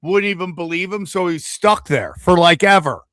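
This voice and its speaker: Male podcast host, a bit high-pitched, jokey and fast-riffing. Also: a bit bright, no room sound, clean studio sound. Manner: joking, riffing, bursts into goofy put-on voices. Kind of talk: casual comedy podcast chat.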